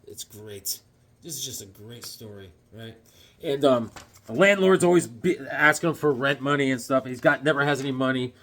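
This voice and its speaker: A man's voice: medium pitch, normal speed, a bit bright. A man casually reviewing comic books, rambling and joking, with plenty of fillers and "right?" tag questions. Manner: loose and chatty, full of fillers and tag questions; jokey, with puns.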